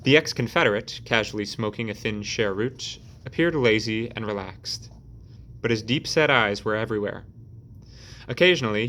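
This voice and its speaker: A man narrating a novel in a steady, measured audiobook reading. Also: fairly low pitch. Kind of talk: scripted narration.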